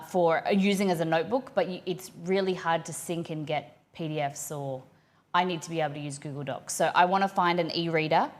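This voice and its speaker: A young woman hosting a cooking livestream, chatting casually and rambling as she reads her viewers' messages aloud. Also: sits low.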